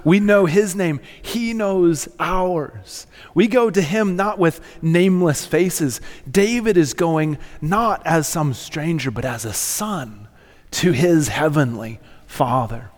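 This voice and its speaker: A middle-aged man preaching a sermon in a church, earnest and storytelling, often dropping to a soft near-whisper. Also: on the high side, takes it slowly. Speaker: pastor. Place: church sanctuary. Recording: long hall reverb.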